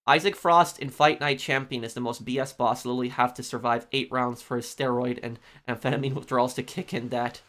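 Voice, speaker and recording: A man's voice: medium pitch, fairly even intonation, fairly quick, few pauses, a bit bright. A man streaming a game, casually reading out viewer messages and thanking them one after another. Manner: easygoing, thanks viewers repeatedly. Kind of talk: casual live-stream chat while gaming.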